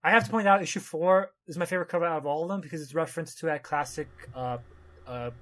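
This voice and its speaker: A man's voice: on the high side, fast talker, fairly bright tone. A man co-hosting a casual podcast, talking about comics with enthusiasm and jokes. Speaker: podcast co-host. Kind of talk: casual comic book discussion.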